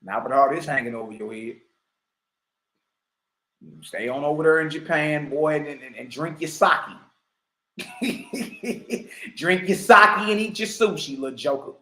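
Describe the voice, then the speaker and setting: A man hosting a livestream, giving animated, mocking commentary full of slang and laughter. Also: fairly high pitch, a little slow, pauses often, roomy sound. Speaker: livestream host.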